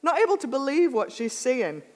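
A woman preacher giving a sermon, telling a lively self-mocking anecdote with humor. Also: high voice, moderate pace. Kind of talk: storytelling sermon.

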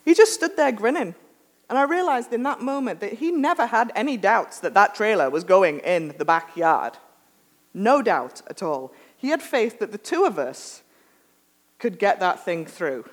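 A woman's voice: medium pitch, normal speed. Humorous woman telling a sermon story. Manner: lively, humorous, self-mocking anecdotes. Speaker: preacher.

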